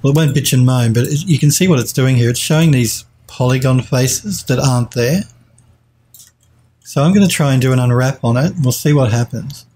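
A man's voice: mid-range voice, fairly quick, a little mellow, slight background noise. A man streaming a live 3D modelling tutorial, thinking aloud as he works, hesitating and correcting himself while he answers chat.

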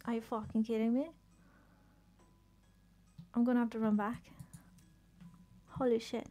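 A woman streaming a game live, chatting excitedly and swearing, sick with a headache. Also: on the high side, a little slow. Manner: excitable, swears often, laughs, trails off. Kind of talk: live gameplay commentary.

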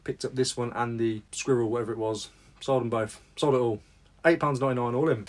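A man's voice: mid-range voice, fairly even intonation, fairly quick. A man chatting casually in a vlog about his sales, rambling and making self-deprecating asides. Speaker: reseller vlogger.

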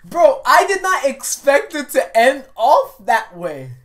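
Talking back at the screen, a woman hosts a casual anime reaction video, full of slang, exclamations, and laughter. Her voice sits high and she takes her time, an excitable reaction channel host.

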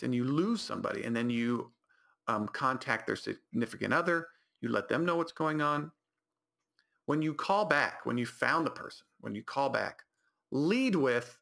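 Gravelly rambling young podcast host. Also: male voice, mid-range voice. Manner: rambling, animated, self-correcting. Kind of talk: comedic storytelling monologue.

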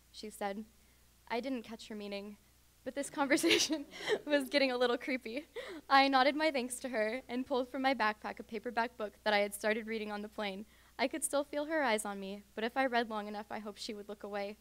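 A woman's voice: fairly high pitch, brisk. A young adult woman reading her first-person story aloud at a graduate student reading.

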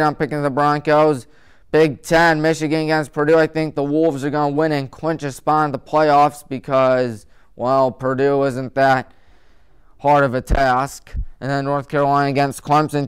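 A man's voice: a little high, clear, resonant tone. A male sports talk show host rattling off his weekly game picks in a joking, opinionated way, with mocking nicknames for teams.

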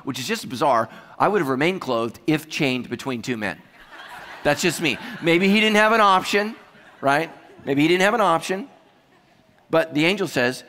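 A man with a slightly high voice preaches a sermon, and his jokes and storytelling asides keep it lively. His voice rings out with a long reverb tail, as in a large church auditorium. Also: normal speed. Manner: humorous, animated storytelling with asides. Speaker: pastor.

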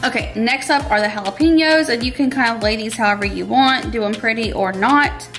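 Talking fairly quickly in a fairly high voice over music, a young vlogger chats with her audience as she cooks at home. She's chatty and addresses everyone as "y'all" in this casual cooking video.

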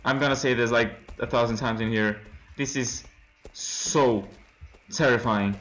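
A man's voice: mid-range voice, steady tone, unhurried, fairly bright tone. A young man commenting on a horror game as he plays it, nervous, laughing from fright and breaking into yelps and screams. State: hoarse from screaming. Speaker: let's play gamer.

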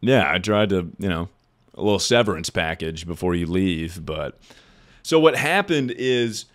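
A man in his twenties with a deep voice, a streamer rambling through stories in casual chat, swearing and laughing at himself. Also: lively intonation, a little slow, a bit bright. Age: 20s. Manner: rambling, profane storyteller who laughs at his own stories.

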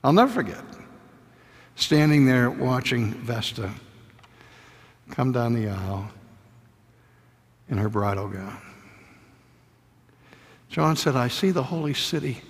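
An older man delivers a sermon lecture at a middle pitch, moving between storytelling and quiet, hushed emphasis. His voice carries a long reverb tail from the hall. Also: lively intonation, slow, long pauses. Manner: storytelling, drops to a hushed voice for tender points. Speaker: preacher lecturing.

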